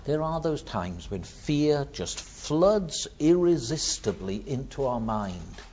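A man preaching a sermon, dramatic, swinging from hushed words to loud ones. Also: mid-range voice, very animated, takes it slowly, muffled recording, slight background noise.

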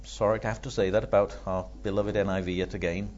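A man's voice: lowish voice, flat delivery, fast, a little mellow, dull audio. A man preaching an expository sermon on a psalm, building to fervent emphasis.

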